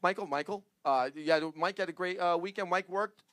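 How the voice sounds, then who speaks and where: High, bright-voiced comedian host. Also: male voice. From New Jersey. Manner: rambling, halting, laughs at own jokes. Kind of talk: stand-up news jokes with panel.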